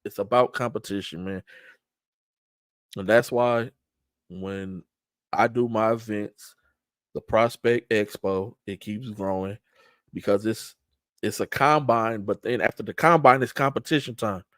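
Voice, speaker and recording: A man's voice: on the low side, steady tone, measured pace, long pauses, a bit bright, no room sound, clean studio sound. A middle-aged man hosting a sports talk show, speaking in an emphatic, streetwise way with frequent restarts. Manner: emphatic, trash-talking streetwise delivery with repeated restarts. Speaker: show host and event organizer. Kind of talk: casual talk-show monologue.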